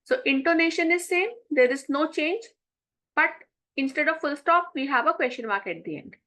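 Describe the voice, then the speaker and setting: A woman with a high voice teaches a French lesson. She explains each step patiently, saying French phrases slowly and then translating them. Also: expressive, pushed and bright, rough recording. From India. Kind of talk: classroom explanation.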